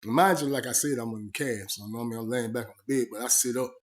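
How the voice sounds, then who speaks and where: A man's voice: mid-range voice, fast talker. A man telling a personal story in a casual, slangy, conversational way. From Georgia, USA. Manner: slangy, conversational, retells talks by voicing both sides. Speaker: storyteller recounting prison life.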